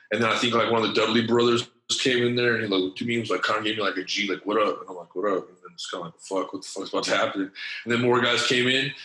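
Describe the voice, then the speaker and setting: A man's voice: lowish voice, bright, forceful tone, echoey room, rough recording. A man telling a long story in casual, profane slang, acting out the quotes as he goes. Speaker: podcast guest.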